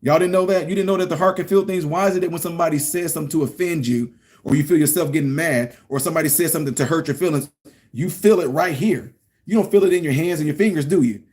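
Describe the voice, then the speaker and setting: A man's voice: on the high side, fast, darkish tone. A middle-aged man giving a casual commentary rant, emphatic and preachy, repeating his points. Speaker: political commentary vlogger.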